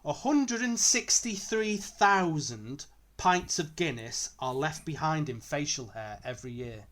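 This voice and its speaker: A man's voice: a little high, expressive, unhurried, fairly bright tone. A man co-hosting a casual football podcast, easygoing and chatty, laughing readily. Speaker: podcast co-host.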